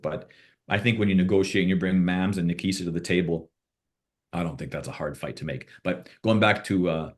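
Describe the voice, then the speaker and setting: On a podcast, a deep-voiced man speaking as a boxing manager tells rambling stories, restarting often and quoting back-and-forth dialogue.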